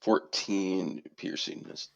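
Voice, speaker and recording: Male player, very low gravelly voice, slow and laid-back. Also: highs cut off. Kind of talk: casual tabletop play.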